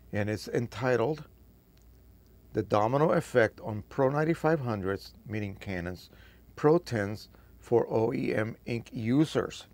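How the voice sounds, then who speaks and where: A man's voice: medium pitch, gravelly. A man from Spain, hosting a photo printing video, reads an old post aloud and breaks in with chatty, emphatic asides.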